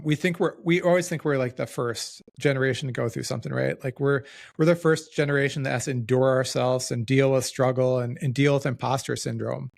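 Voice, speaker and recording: A man with a gravelly, creaky voice at a mid pitch hosts a relaxed podcast chat. He sounds reflective and pokes fun at himself, circling back through loose restarts as he works out his thoughts. The sound is dry and close, with no room echo. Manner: reflective, self-deprecating, talks in loose restarts. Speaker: podcast host. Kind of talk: casual podcast conversation.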